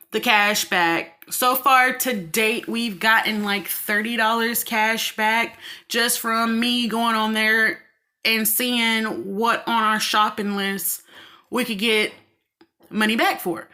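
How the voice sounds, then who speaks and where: A woman's voice: on the high side, sharp tone. A woman with a Southern US accent chatting casually and rambling as a vlogger while doing laundry at home. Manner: rambling, chatty, laughs often. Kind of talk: casual chat.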